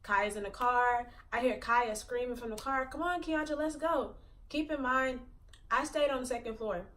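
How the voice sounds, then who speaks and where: A woman's voice: fairly high pitch, fairly even intonation, moderate pace, fairly bright tone, far from the mic. A woman in her twenties telling a personal story to her channel in a rambling way, full of "like" fillers. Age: 20s. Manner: rambling, filler-heavy retelling with many "like"s. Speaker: vlogger. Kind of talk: casual storytelling.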